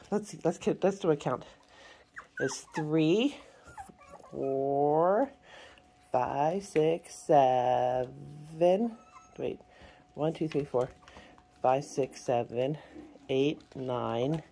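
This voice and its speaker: A woman's voice: low-pitched, lively intonation, takes it slowly, pauses often, warm tone, breathy edge. A woman breeder narrating a casual vlog, switching between plain explanation and sing-song baby talk to her puppies. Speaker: dog breeder.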